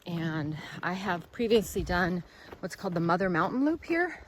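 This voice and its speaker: A woman's voice: fairly low pitch, big pitch swings, moderate pace. A woman filming a solo backpacking vlog, chatting to the camera as she hikes a mountain trail and cheering herself on. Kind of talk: casual on-trail video diary. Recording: outdoor trail recording with clear background noise.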